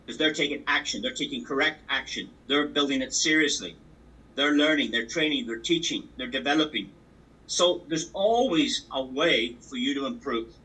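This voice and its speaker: A man's voice: medium pitch, sharp tone, recorded from a distance, low-quality recording. Emphatic, repetitive man coaching a call. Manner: emphatic and repetitive, drives points home with sports analogies. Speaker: business opportunity trainer. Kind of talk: motivational training talk. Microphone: call audio.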